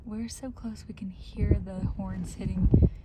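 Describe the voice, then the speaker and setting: A woman's voice: medium pitch, fairly even intonation, measured pace, very noisy. A woman filming a casual travel vlog outdoors in a national park, joking and chatting as she walks. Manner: playful, laughs often, joking. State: out of breath at times. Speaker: travel vlogger. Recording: loud music over the voice.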